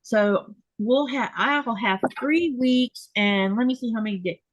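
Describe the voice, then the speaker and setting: A woman's voice: a little high, a little slow, no echo, poor audio. A woman hosting a casual chat from her home sewing desk, talking in a rambling way with restarts and laughs. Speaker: host.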